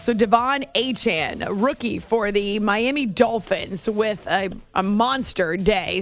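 A woman's voice: fairly high pitch, no room sound. Chatty woman hosting late-night sports radio. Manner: chatty, self-deprecating, laughs easily. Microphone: studio microphone.

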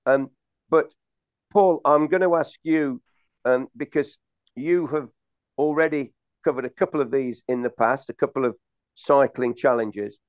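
A man hosting a casual interview, speaking hesitantly with many pauses and fillers. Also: medium pitch, no echo. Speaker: host. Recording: dry, muffled lo-fi audio.

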